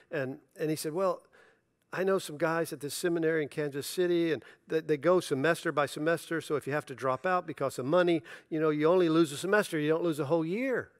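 A man's voice: fairly high pitch, fast, no echo, studio quality. A middle-aged man preaching a sermon as pastor, telling personal stories with animation and acting out the dialogue. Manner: storytelling, animated, acts out dialogue with laughter.

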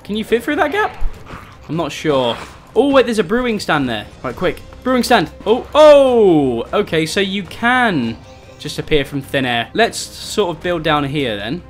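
A man's voice: fairly high pitch, very animated, normal speed, fairly bright tone, soft background music. A young man giving let's-play commentary on a survival game, easily startled, yelping at enemies and cracking sarcastic jokes. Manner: jumpy, easily startled, yelps and pleads at zombies; jokey, sarcastic asides. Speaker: gaming YouTuber.

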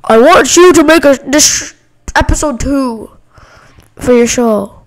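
A woman's voice: high voice, takes it slowly. A woman doing a blunt goofy dad. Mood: bossy. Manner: rude, blunt orders. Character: goofy gruff dad scolding his son. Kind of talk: improvised home-made comedy sketch.

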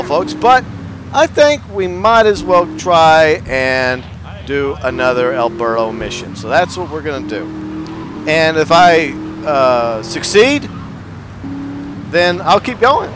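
Casting: jokey gamer guy, slightly high voice, narrating his play over loud game car noise. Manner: playful, jokey, talks to viewers. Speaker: let's play host. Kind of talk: casual gameplay commentary. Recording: game sound audible behind the voice. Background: game car and city sounds.

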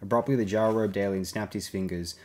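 A man reading a science fiction audiobook aloud, giving the characters' lines small shifts in pitch and volume. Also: steady tone, a little fast, a little mellow. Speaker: audiobook reader. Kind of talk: scripted narration.

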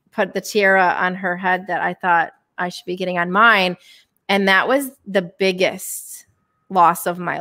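A woman's voice: on the low side, gravelly, bright, forceful tone. A woman in her thirties, a guest on a podcast, telling a personal story candidly and with feeling, with many fillers and restarts. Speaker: guest, professional bowler. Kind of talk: casual podcast interview storytelling.

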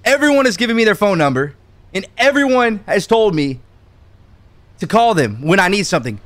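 A man's voice: sits high, sing-song, a little fast, a bit bright. Boastful, breathless male streamer. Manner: boastful and joking, talking straight to chat; jumping around while talking, breathless at times. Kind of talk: casual live-stream game commentary.

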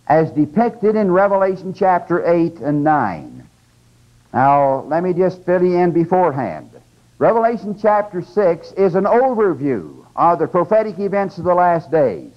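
Older male lecturer, raised pitch, conversational and emphatic, dull old lecture tape. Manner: conversational, emphatic teaching with asides. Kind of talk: religious lecture.

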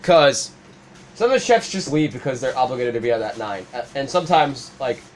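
Animated young man, lively swings in pitch. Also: brisk, slight background noise. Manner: animated, swearing, rants with mock-shouted quotes. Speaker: gaming channel host. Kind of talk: casual chat while playing.

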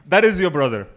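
A young man with a Macedonian accent works a comedy club crowd, his voice sitting high and swinging widely in pitch. He pairs deadpan punchlines with playful banter aimed at the audience. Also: background noise. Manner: deadpan jokes with lively crowd work. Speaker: stand-up comedian. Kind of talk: stand-up comedy set.

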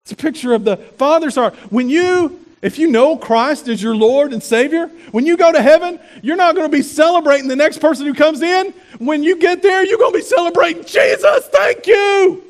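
A male pastor preaching a sermon in an animated way, asking the congregation rhetorical questions. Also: very high-pitched, a little fast, hardly any pauses.

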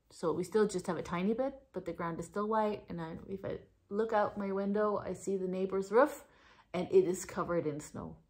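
A middle-aged Danish woman with a slight American tinge to her accent, rambling excitedly in a casual knitting vlog. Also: mid-range voice, husky. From Denmark. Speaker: knitting vlogger. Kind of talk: casual chat.

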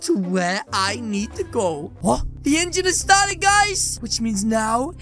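A woman narrating a role-play game, talking to viewers in an animated, excitable way. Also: on the high side, slow pace, faint music behind.

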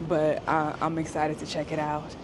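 A woman's voice: deep voice, completely flat delivery, moderate pace. A young adult woman vlogging casually outdoors on a city street, chatty and often laughing. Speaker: travel vlogger. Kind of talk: casual vlog chat while walking outdoors. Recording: clear city street noise behind.

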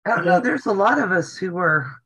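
Chatty Southern American woman, lively pitch. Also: fairly quick, breathy edge. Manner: laughs often, teasing and chatty. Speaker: host of a sewing channel livestream. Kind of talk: casual livestream chat.

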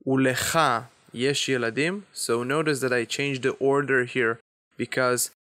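A man giving a beginner language lesson, explaining grammar slowly and deliberately with example phrases. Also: medium pitch, steady tone, fairly bright tone, no room sound, clean studio sound. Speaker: Hebrew teacher.

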